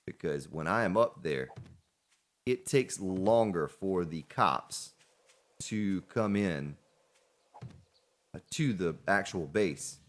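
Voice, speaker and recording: A man with a very low voice talks through his game in loose, casual commentary. He rambles and often addresses himself as he works. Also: animated, takes it slowly, long pauses. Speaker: gaming let's play host.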